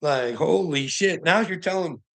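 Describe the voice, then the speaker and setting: A man's voice: on the high side, a little slow, gravelly. Profane, laughing, agitated man ranting. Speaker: vlogger. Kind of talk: rambling monologue.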